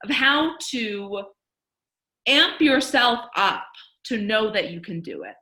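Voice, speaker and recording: A woman podcast host speaks with eager enthusiasm and gushes over her guest. Her voice is bright and forward. The room gives it an echoey sound. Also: medium pitch, animated, slow. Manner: effusive, enthusiastic, gushing praise. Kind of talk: casual interview conversation.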